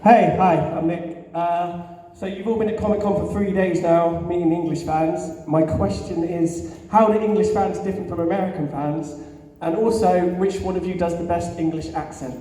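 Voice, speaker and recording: High-voiced man asking from the audience. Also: steady tone, moderate pace, mellow. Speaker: fan asking a question. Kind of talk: audience question. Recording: distant mic in echoey hall.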